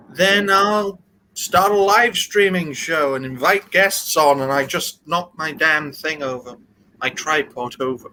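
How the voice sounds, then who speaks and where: Halting Welsh-born man, bright voice. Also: on the high side, slight background noise, rough recording. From Wales. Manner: halting, restarts often, slightly formal phrasing. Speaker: guest. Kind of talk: casual live-stream chat.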